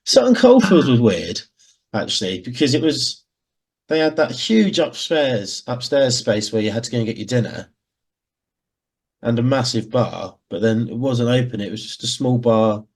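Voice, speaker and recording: A man's voice: mid-range voice, animated, normal speed, breathy edge. A man with an English Midlands accent co-hosting a casual podcast, bantering and laughing often. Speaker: podcast co-host. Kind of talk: casual chat.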